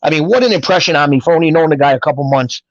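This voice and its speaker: This is a middle-aged man, spinning stories from his past in a relaxed, animated way. He slips into the voices of the people he quotes as he goes. His slightly high voice sounds close and dry, with a dull, muffled tone to the recording. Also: racing, no echo. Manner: animated storyteller who acts out quoted voices. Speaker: guest telling his life story. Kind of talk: casual storytelling.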